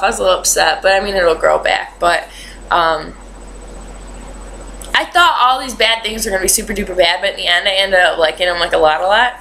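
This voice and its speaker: A young woman tells a story in a loose, chatty vlog style and fills her talk with ums and likes. Her voice sits at an everyday middle pitch. Faint noise hums underneath. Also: a bit bright, rough recording. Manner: rambling, chatty storytelling with many fillers. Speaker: beauty vlogger. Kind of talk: casual chat.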